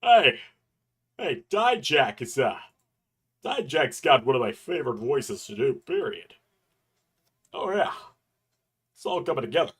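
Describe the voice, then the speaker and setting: A man hosting a live stream, chatting casually with quick, joking asides as he reacts. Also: medium pitch, sing-song, slightly rough. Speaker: streamer host.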